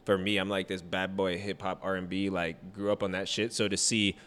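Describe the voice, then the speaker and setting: Low-voiced man in casual, profane chat. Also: brisk, in a large hall. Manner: animated, profane, acts out quotes loudly.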